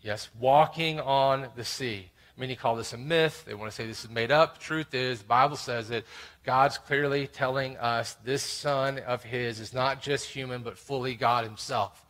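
Pastor, male, mid-pitched voice; earnest expository sermon, scripture read aloud with firm emphasis. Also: steady tone, moderate pace, sharp tone. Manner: earnest, emphatic preaching, reading scripture aloud with rising stress.

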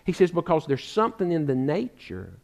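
A male pastor delivers a sermon in a fairly high voice. He preaches fervently, repeating words for emphasis and calling listeners friend, and eases into a relaxed, filler-filled storytelling mode. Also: a little fast, creaky.

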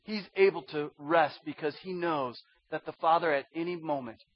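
Man, pastor, sermon, slightly high voice, hushed to pleading. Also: moderate pace, no room sound, highs cut off. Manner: swings from hushed to loud pleading.

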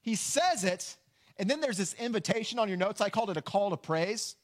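A man preaching a sermon, earnest and emphatic, slowing down to stress key lines. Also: high voice, lively intonation. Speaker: pastor.

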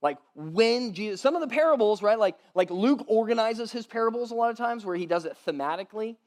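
A male pastor with a noticeably high voice gives an animated, conversational sermon in an easy, chatty style. He repeats words while his thoughts catch up, laughs lightly between points, and keeps asking his listeners a quick "right?".

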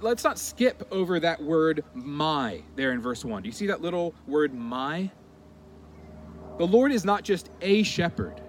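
A pastor preaching an earnest sermon to his congregation, stressing key words with deliberate pauses. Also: on the high side, a little hiss or hum.

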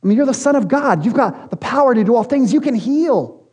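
A man's voice: very high voice, lively intonation, brisk, a little mellow, husky, pitched above the performer's own voice, full character voice. A man voicing two worried sisters as they plead for help for their sick brother. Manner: pleading, rising. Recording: long hall reverb.

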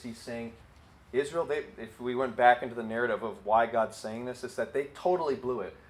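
A man teaching a sermon in a relaxed, conversational way, full of fillers like "like" and "you know". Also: mid-range voice, low-quality recording. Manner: conversational, with many fillers and acted quotes. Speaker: Bible teacher.

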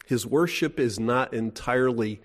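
A man's voice: medium pitch, moderate pace. A middle-aged man preaching a sermon in a folksy, emphatic way, asking his listeners questions. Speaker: pastor.

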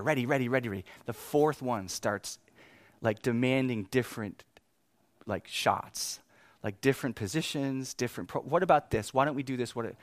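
A man in his thirties preaching, telling a family story with animated swings between exasperated outbursts and quiet reflection. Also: medium pitch, no echo. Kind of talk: sermon storytelling.

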